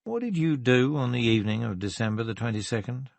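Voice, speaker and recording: A man voicing a calm middle-aged police inspector who questions a suspect in a level, firm way. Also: medium pitch, fast, vocal fry, no echo.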